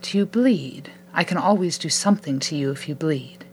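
A woman's voice: low-pitched, lively intonation, moderate pace, a little hiss or hum. A woman voicing a menacing, taunting cat heard in someone's head. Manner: threatening, taunting.

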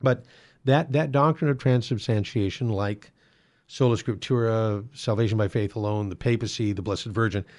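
A man's voice: fairly low pitch, moderate pace, darkish tone. A man hosting a Catholic apologetics talk, explaining doctrine in a conversational way with many fillers and restarts. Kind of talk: casual explanatory monologue.

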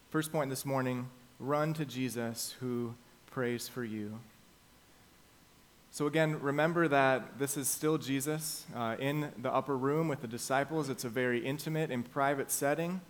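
A male pastor gives his morning sermon in a medium-pitched voice. He is emphatic and lets the key phrases slow down and land. He walks his listeners through the passage point by point.

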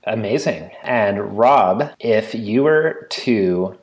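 A man's voice: lowish voice, expressive, very slow, rough recording. A man interviewing the hosts on a podcast in a casual, joking way, talking over a remote call. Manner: playful, joking. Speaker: guest interviewer.

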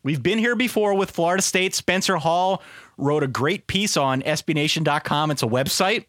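A man co-hosting a casual sports podcast, talking in an animated, playfully indignant way. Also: on the high side, moderate pace, no echo, studio quality. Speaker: podcast co-host.

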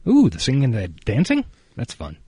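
A man's voice: medium pitch, wildly swooping pitch, a little fast, warm tone, husky, dry recording. A man co-hosting a podcast in casual chat, dropping dry, teasing quips. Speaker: podcast co-host.

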